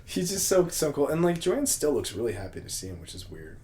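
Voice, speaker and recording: A man with a slightly high, somewhat mellow voice talks fairly quickly with big pitch swings. Co-hosting a podcast, he casually recaps a horror film, laughing often and acting out the characters' lines in quoted voices.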